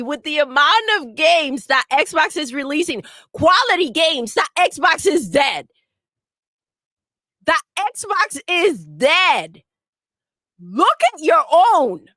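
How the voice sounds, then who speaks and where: A woman co-hosting a gaming podcast with a high, bright voice, ranting brashly and swearing freely. Her pitch jumps around a great deal. The sound is dry and close. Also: dry recording. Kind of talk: casual podcast banter.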